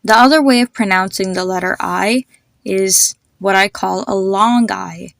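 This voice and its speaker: A woman hosting a podcast, patiently explaining pronunciation, spelling words out letter by letter and slowing down to demonstrate each sound. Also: mid-range voice, vocal fry, no echo. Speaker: podcast host.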